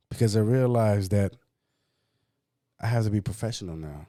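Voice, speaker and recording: A man co-hosting a podcast, telling a personal story in a casual, profane, animated way and acting out what others said. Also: lowish voice, normal speed, pauses often, no room sound, clean studio sound. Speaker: podcast co-host.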